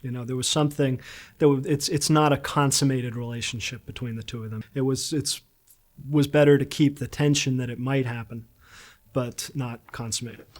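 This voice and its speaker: A man from the production discussing scenes in a thoughtful, halting way. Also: mid-range voice, fairly even intonation. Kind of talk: reflective commentary.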